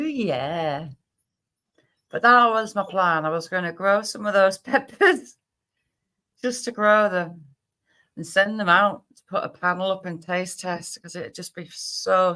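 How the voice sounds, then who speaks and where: A woman with a Cumbrian accent hosting a casual livestream chat, talking quickly and laughing often. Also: on the low side, sharp tone. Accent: Cumbrian English. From Cumbria, England. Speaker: livestream host.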